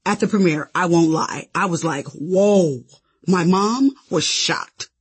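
A woman's voice: on the low side, measured pace, breathy edge. A woman narrating her own memoir with sassy, conversational storytelling. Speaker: author and narrator.

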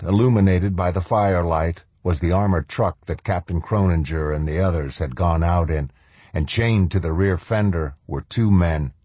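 Male audiobook narrator, grave and measured; slow pace, dry close sound. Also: low voice, darkish tone, no room sound. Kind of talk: scripted narration.

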